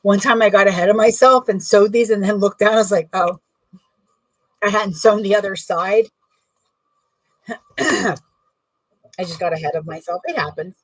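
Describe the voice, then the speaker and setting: A woman's voice: mid-range voice, a bit bright, breathy edge, no room sound, distant mic, rough recording. A woman in a casual sewing tutorial, rambling and correcting herself as she works. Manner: chatty, rambling, self-correcting while working. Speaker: bag maker demonstrating sewing.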